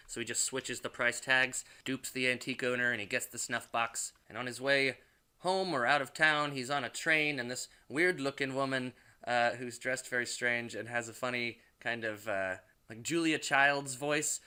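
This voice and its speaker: A man's voice: mid-range voice, moderate pace, sharp tone, smooth. A man casually recapping a movie plot, rambling and loose, with plenty of swearing. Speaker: movie reviewer.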